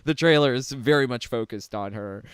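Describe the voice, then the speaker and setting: A man's voice: mid-range voice, normal speed, clear, resonant tone, no room sound, studio quality. A man giving sarcastic, mocking reaction commentary on a game trailer, laughing often. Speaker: gaming commentator.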